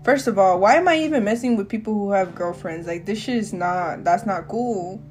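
A woman's voice: mid-range voice, moderate pace, darkish tone, soft background music. A young woman hosting her own podcast, telling a candid, slang-heavy story in a rambling, casual way with frequent laughs. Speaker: podcast host. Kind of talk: casual solo podcast chat.

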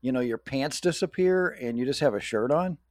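An easygoing man in casual conversation, posing playful questions with a lively, swinging intonation. He is recorded close and dry. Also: mid-range voice, fairly quick, no room sound. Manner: easygoing, asks playful questions, laughs often. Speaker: podcast co-host. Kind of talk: casual chat.

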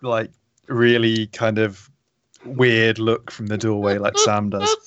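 A man's voice: fairly low pitch, sing-song, slow pace, fairly bright tone, no room sound, highs cut off. A man playing a tabletop game in casual chat, joking and laughing with the group. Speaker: player.

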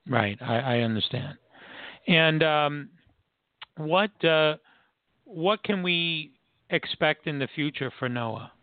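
A man hosting a casual interview, halting and full of "you know" fillers. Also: fairly high pitch, animated, dry recording. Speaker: talk show host. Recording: dry, tinny phone-line sound.

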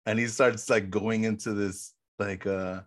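A man with a somewhat low voice co-hosts a casual podcast. He talks in loose, rambling runs full of fillers, and he keeps slipping into acted-out bits as he retells the story. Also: steady tone, a little slow. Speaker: podcast co-host. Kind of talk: casual film rewatch chat.

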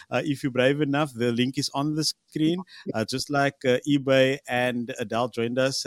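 A man's voice: medium pitch, no echo, clean studio sound. A man hosting a live talk show with upbeat patter to guests and viewers. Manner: upbeat, quick on-air patter. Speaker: host.

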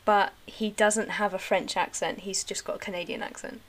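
A young woman chatting casually with a friend, her voice sitting at an ordinary middle pitch. She talks in quick bursts, leaning on "like" as she tells a story with enthusiasm. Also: fairly even intonation. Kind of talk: casual chat.

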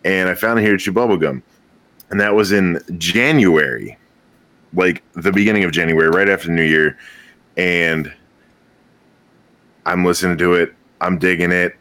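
A man's voice: sits low, normal speed, pauses often, fairly bright tone, no echo. A young man guest on a podcast, telling a rambling story with casual swearing and frequent laughs.

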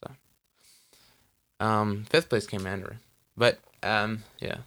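A man's voice: on the low side, steady tone, takes it slowly, fairly bright tone. A man co-hosting a podcast, chatting casually and rambling with lots of "like" and "you know.". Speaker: podcast co-host. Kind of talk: casual chat. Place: Los Angeles.

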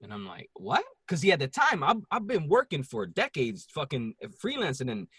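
A man with a Puerto Rican accent, telling a story in casual podcast chat, profane and animated. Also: a little high, brisk, slightly rough, dry recording. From Puerto Rico.

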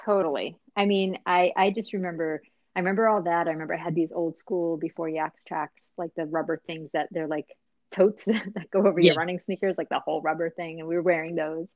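A woman in casual conversation, telling a story in an animated, chatty way with many fillers. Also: fairly low pitch, brisk, no echo. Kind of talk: casual chat. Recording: dry, slightly dull sound.

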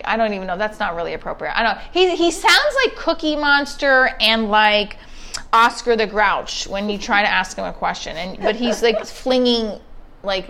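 A woman comedian telling stories as a podcast guest, talking fast and dramatically and acting out the people she quotes. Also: fairly high pitch, sharp tone, a little hiss or hum. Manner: rapid, dramatic, acts out quotes with big swings. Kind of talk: animated storytelling chat.

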